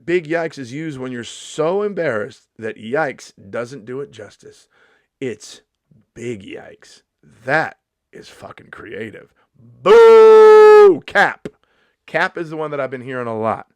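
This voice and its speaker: A man's voice: mid-range voice, lively intonation, measured pace, fairly bright tone, no room sound. A man in his fifties doing a sarcastic, mock-indignant comedy vlog monologue, swearing freely as he rants. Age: 50s.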